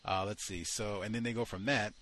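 A man's voice: on the low side, steady tone, brisk, a bit bright. A man hosting a study session, reading passages aloud from a book and breaking off into heated commentary, with frequent fillers while he searches the text.

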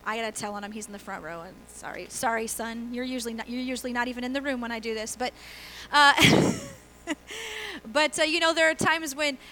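A middle-aged woman pastor delivers a conversational sermon in a church, her voice high and bright. She tells stories with laughs and acts out quotes. A faint hum sits behind her. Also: fast talker, rough recording.

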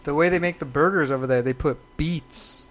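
A man's voice: fairly high pitch, a little fast. Chatty man telling travel stories. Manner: laughing, stammering storyteller. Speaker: podcast co-host. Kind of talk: casual chat.

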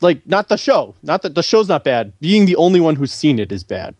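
A man co-hosting a podcast, telling a long story in casual chat, animated and swearing freely as he acts out what others said. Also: a little high, a little fast, no echo. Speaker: podcast co-host.

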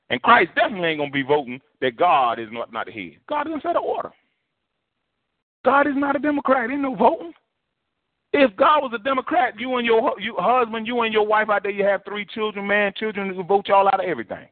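Animated preaching man on tinny audio. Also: high-pitched, fast talker. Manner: preachy, colloquial, animated with put-on voices. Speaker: pastor. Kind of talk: sermon. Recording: tinny phone-like broadcast audio.

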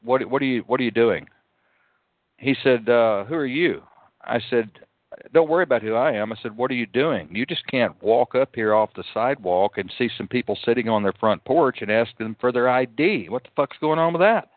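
A man's voice: mid-range voice, lively intonation, normal speed, no room sound. A man hosting a casual talk radio show, telling an indignant story and swearing now and then. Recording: dry, tinny phone-like sound.

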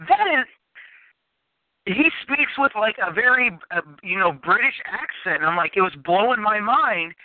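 A man's voice: sits high, animated, normal speed, no room sound. Enthusiastic man guest, tinny phone sound. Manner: enthusiastic, rambling with restarts. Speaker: podcast guest. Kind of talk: casual chat. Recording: phone-like narrow sound, dry.

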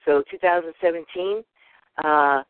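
A woman in her fifties with a Boston accent introduces herself on a group call. She is an animated storyteller who acts out the voices in her stories. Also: sits low, a little slow, clear, resonant tone. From Boston area, USA. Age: 50s. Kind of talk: casual personal introduction. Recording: tinny phone line, dry.

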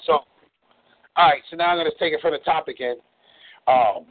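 Speaking a little fast, this relationship coach runs a phone call that sounds thin and tinny. His voice is slightly high, and he's blunt and homespun, swearing for emphasis.

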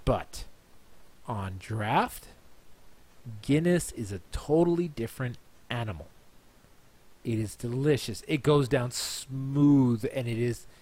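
A man hosts his podcast a little tipsy, talking at an ordinary pitch in a loose, rambling flow. He circles back, repeats himself and restarts his sentences as he tells a long story. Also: slow, pauses often, darkish tone. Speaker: podcast host. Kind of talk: casual storytelling monologue.

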